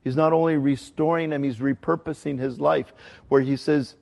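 Pastor, man, conversational sermon delivery, gravelly voice, long hall reverb. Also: a little high, fairly even intonation, darkish tone. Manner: conversational, earnest teaching with emphatic slow stresses.

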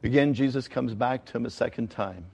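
Pastor, man, conversational sermon delivery, gravelly voice, long hall reverb. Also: medium pitch, a little mellow, lo-fi sound. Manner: conversational, earnest teaching with emphatic slow stresses.

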